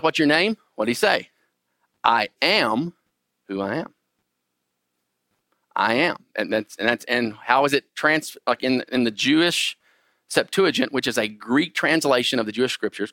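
A man's voice: a little high, no echo, studio quality. A man giving an informal Bible lesson, often restarting and checking in with his listeners. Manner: frequent restarts, animated emphasis. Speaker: Bible teacher. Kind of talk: conversational Bible teaching.

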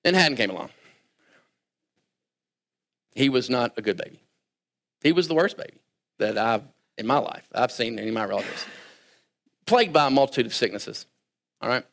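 A man preaching a sermon, talking conversationally and swinging between quiet asides and raised, emphatic lines. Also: mid-range voice, sing-song, fairly quick, long pauses. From Kentucky. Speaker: pastor.

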